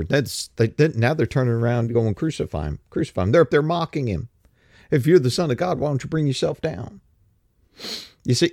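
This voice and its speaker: Male preacher, lively pitch swings, rhetorical questions, dry close mic. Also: no echo. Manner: animated, rising emphasis, rhetorical questions. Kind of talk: sermon.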